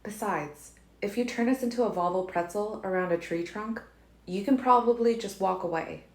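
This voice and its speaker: A woman's voice: sing-song, normal speed. A woman doing a panicky teenage girl. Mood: sarcastic. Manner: high shouting, panicky. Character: frightened teenage girl, sharp, sarcastic. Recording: roomy echo, faint noise.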